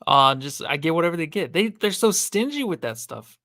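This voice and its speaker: A man's voice: a little high, sing-song, fairly quick, bright, forceful tone, no room sound, clean studio sound. A man co-hosting a casual sports podcast, laughing easily and playing along with jokes. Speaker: podcast co-host.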